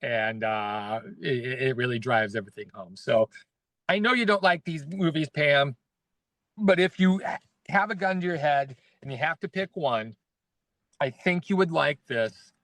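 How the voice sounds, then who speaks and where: A man's voice: on the high side, moderate pace, a bit bright, no echo. Teasing man co-host, dry sound. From United States. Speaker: film critic. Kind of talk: casual film review chat.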